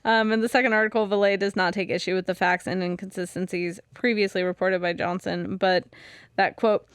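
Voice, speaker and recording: A woman's voice: medium pitch, fairly even intonation, brisk, smooth, dry recording. A woman co-hosting a podcast, reading through research notes in a casual way with frequent fillers and restarts, and laughing easily. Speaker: podcast co-host. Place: podcast studio.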